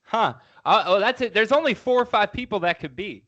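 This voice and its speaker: An excitable man co-hosts a casual podcast in a high voice that leaps all over the place. He swears freely and acts out little scenes as he talks. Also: a little fast, dull audio. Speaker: podcast co-host. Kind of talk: casual chat.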